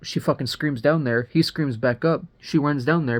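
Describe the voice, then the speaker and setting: Young male reviewer, mid-pitched voice, rambling and profane slangy recap. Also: moderate pace. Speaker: movie reviewer. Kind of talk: casual spoiler recap.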